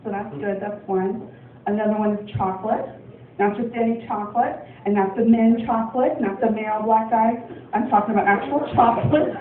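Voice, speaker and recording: A woman's voice: a little high, steady tone, fairly quick, a little hiss or hum. A woman from Portland, Oregon, doing a stand-up comedy set, rambling with lots of ums and laughs. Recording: distant, echoey, phone-like club recording.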